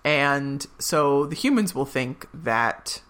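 Bright-voiced woman doing a chatty recap. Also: extremely low pitch. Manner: animated, quotes characters in quick put-on voices. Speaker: podcast co-host. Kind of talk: casual episode recap chat.

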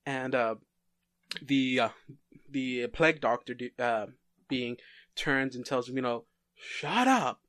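A man talks through a story idea in a loose, casual way, often pausing and restarting his sentences. His pitch sits in a middle range. The recording is dry, with no room echo. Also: level tone, a bit bright. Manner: halting, many fillers and restarts.

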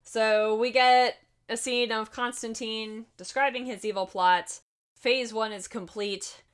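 A woman co-hosts a podcast, casually recapping a movie's plot in a breezy way, laughing often and swearing freely. Her voice is on the high side, a bit bright, with a clear, resonant tone.

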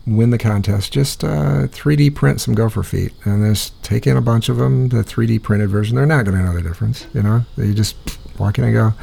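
Gravelly, husky Midwestern man rambling. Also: fairly low pitch, brisk, mellow. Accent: American Midwest. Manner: rambling, thinking aloud while searching online. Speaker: podcast host. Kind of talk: casual chat.

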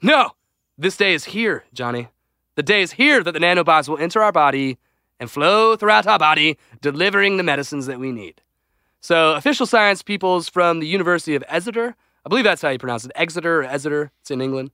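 Podcast dude reading a news bit, joking around, bright voice, dry close mic. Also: male voice, on the high side, lively intonation, quick pace, no echo. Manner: jokey, reads out a news item loosely. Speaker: podcast co-host. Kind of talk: casual podcast chat.

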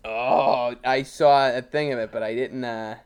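A man's voice: medium pitch, steady tone, unhurried, a little mellow, clean tone. A man co-hosting a casual podcast, teasing and making crude jokes. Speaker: podcast co-host.

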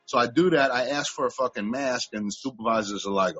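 A man with a husky, slightly breathy voice rattles off rambling, profane stories at a quick clip. The sound is dull and lo-fi, as if from a remote call, with a dry, close feel. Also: mid-range voice, a bit bright, dry recording. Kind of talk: casual storytelling chat. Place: at home.

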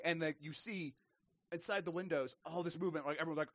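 A man talking games on a podcast, rattling off anecdotes at a rapid clip and acting out what people said. His voice sits a bit high, and the recording is close and dry with no room sound. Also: no room sound. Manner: animated storyteller, many restarts, acts out quotes. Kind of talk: casual podcast chat.

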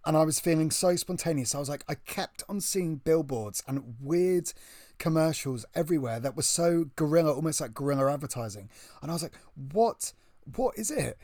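A man with a British accent telling a story in casual chat, excitable and breathless, often restarting his sentences. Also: fairly high pitch, a little fast, dry recording, clean studio sound.

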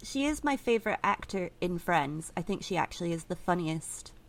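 A woman co-hosting a casual film review podcast, animated as she retells scenes and quotes. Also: on the low side, normal speed, creaky. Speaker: podcast co-host.

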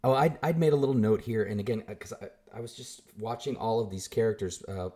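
A man's voice: fairly low pitch, fast, dark tone. A man co-hosting a podcast, talking casually with hesitant restarts. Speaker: podcast co-host. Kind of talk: casual chat.

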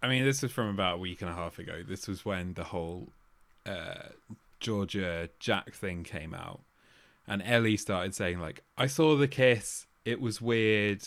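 Casual male co-host, slightly low voice, swears often, acts out others in quick voices. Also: no room sound. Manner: sweary, animated impressions of others. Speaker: podcast co-host. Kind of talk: casual chat.

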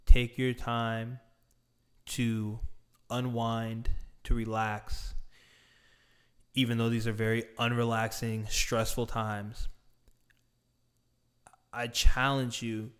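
A man speaks straight to his audience in an earnest, deliberate monologue with a smooth, resonant voice. His pitch stays fairly flat, and he leans on key words by slowing and stretching them. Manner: deliberate, emphatic, with drawn-out stressed words. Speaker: speaker addressing viewers. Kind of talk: earnest direct-address monologue.

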